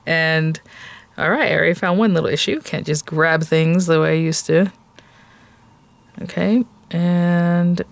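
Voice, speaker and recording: A woman with a lowish, gravelly voice and fairly even intonation speaks a little slowly while hosting a crafting tutorial. She chats casually with viewers as she works, gushing often about how cute things are.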